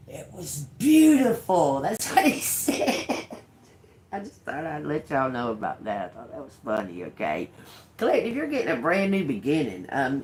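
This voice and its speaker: A woman's voice: low voice, slight background noise. Older woman, tarot streamer, salty mouth, frequent laughs, straight-talking. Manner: blunt and profane, with frequent laughs. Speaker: tarot reader. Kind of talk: live tarot reading stream.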